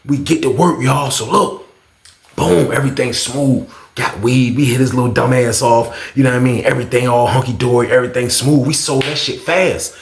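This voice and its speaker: Male storyteller, fry in the voice, roomy sound, loose and animated retelling. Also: medium pitch, moderate pace. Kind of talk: casual storytime monologue.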